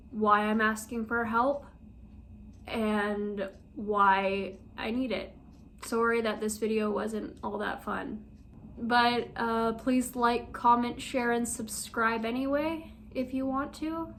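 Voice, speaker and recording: A young woman talks straight to her viewers in a personal vlog, shaken and close to tears as she speaks quickly. Her voice sits a little high. A faint hiss of background noise runs under the recording. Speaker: vlogger.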